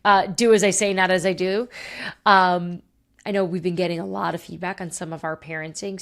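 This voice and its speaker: A woman in her thirties hosting a podcast, telling a story in a lively, animated way and laughing often. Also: fairly low pitch. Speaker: podcast host. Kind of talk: casual chat.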